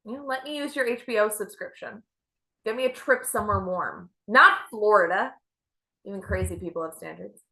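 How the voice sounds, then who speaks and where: A young adult woman doing a stand-up set with a self-deprecating, deadpan delivery. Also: mid-range voice, normal speed. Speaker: stand-up comedian.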